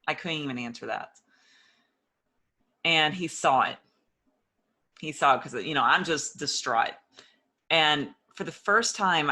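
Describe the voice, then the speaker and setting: Earnest and visibly emotional, this interview guest recounts her own story, voicing past conversations along the way. Her delivery is deep, bright and forceful.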